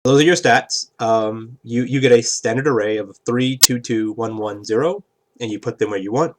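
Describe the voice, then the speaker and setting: A man's voice: medium pitch, moderate pace, noisy background. A man in a mid-range voice walks his players through a tabletop game's rules at a casual pace. He rambles, restarts his thoughts and keeps checking in with "right?". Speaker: game master explaining rules. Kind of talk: casual explanation at a game table.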